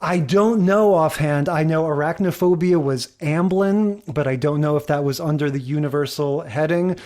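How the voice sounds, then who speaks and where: A man's voice: on the high side, moderate pace, a little mellow. A man co-hosting a podcast in casual chat, musing and rambling with many asides. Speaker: podcast co-host.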